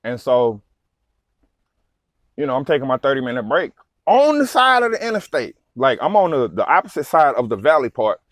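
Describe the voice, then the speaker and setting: A man, a truck driver, telling a story in a casual vlog, animated, swearing freely and full of fillers. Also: mid-range voice, moderate pace, no room sound.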